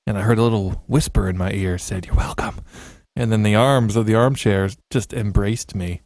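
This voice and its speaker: A man's voice: on the low side, fairly quick, darkish tone, no echo. A man co-hosting a podcast, telling playful comic stories in a casual chat. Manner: jokey storyteller, playful with bits. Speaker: podcast co-host.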